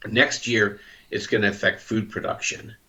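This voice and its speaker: A man's voice: on the low side, little pitch movement, moderate pace, bright, forceful tone, dull audio. A man hosting a market commentary show, chatting casually about trades with frequent restarts. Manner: conversational, restarts and fillers, explains trades plainly. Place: Southern California.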